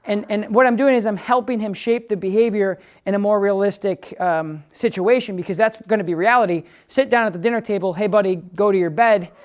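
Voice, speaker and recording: A woman's voice: mid-range voice, a little fast, hardly any pauses. A woman dog trainer talking through a training demonstration in a casual, explanatory way. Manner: chatty and explanatory, with frequent restarts. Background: background music.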